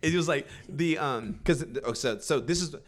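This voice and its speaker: A man's voice: a little high, normal speed. A man hosting a podcast, chatting casually and rambling through travel and movie stories, swearing often and acting out the voices he quotes. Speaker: podcast host.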